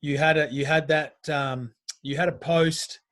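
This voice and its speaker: A man's voice: fairly high pitch, fairly even intonation, measured pace, a bit bright, no room sound. Man, podcast host, rambling questions, restarts, dry close sound. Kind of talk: casual interview.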